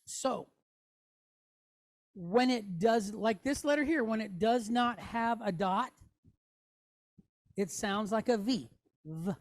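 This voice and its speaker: A woman teaches in an unhurried, steady way, taking each point slowly. She breaks things down step by step and says sounds out loud to demonstrate. She keeps checking in with her listeners as she goes. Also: fairly high pitch. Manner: patient, explains step by step, checks in with "okay?". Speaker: Hebrew teacher. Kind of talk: classroom teaching.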